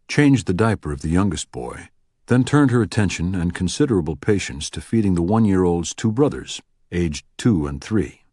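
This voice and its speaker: Husky, lively male audiobook narrator. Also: sits low, dry recording, clean studio sound. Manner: expressive storytelling. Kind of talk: scripted narration.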